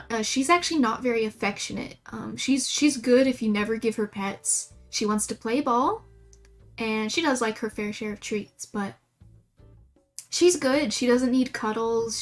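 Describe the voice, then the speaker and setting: A young woman with a slightly high voice chats loosely with her viewers while she draws. She rambles from topic to topic and laughs often, and faint music plays behind her. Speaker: livestreamer drawing emotes. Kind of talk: casual chat while drawing.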